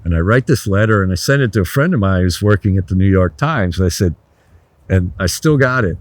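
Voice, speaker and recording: An older man, a resort founder, telling blunt, animated anecdotes in a casual interview, swearing freely. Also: deep voice, fairly quick, dry recording.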